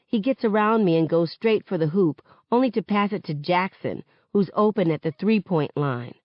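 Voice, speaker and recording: Woman, novel reader, first-person narration, lively pitch, dull dry recording. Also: normal speed, no echo. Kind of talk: reading a novel aloud. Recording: dull, close, dry audio.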